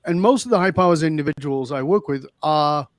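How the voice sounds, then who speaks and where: A man's voice: on the high side, fairly quick, dry recording. A middle-aged man coaching leaders, telling blunt stories in an interview and acting out both sides of each exchange. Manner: blunt, emphatic, acts out both sides of dialogues. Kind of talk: storytelling in an interview.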